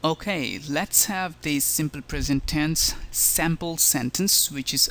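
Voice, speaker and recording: A male language instructor talks through a slideshow presentation. His voice has a gravelly, fry-edged texture. He explains step by step and leans on the key words. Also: a little high, slow, bright, forceful tone. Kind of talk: slideshow lecture narration.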